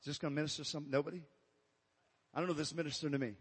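Preaching rapid-fire in a husky, rather high voice with fairly even intonation, this pastor fires up a live church service, crying "come on, amen" and occasionally running out of breath. Praise team music backs him, and the sound has a long reverb tail.

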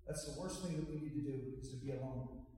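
A man preaching a sermon, building up to loud, rising declarations. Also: medium pitch, fast, a little hiss or hum. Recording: echoey hall from far off.

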